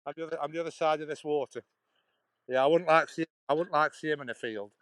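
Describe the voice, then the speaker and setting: On a phone held while walking a canal path, a middle-aged English vlogger with a Potteries accent from Stoke-on-Trent, dropping his H's, rambles to his live-stream audience, chuckling, laughing and restarting phrases. His fairly high voice is brisk and fairly bright. The recording is dry and rough.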